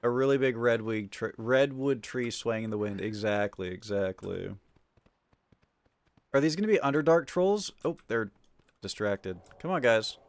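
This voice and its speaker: A man's voice: medium pitch, lively intonation, normal speed, no echo. Profane, rambling male streamer. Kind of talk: casual gaming commentary.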